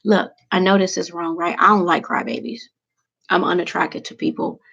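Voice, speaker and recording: A woman's voice: fairly low pitch, fairly even intonation, moderate pace, creaky, a bit bright, breathy edge, highs cut off. A woman vlogger chatting casually and emotionally to her viewers, rambling from one thing to the next.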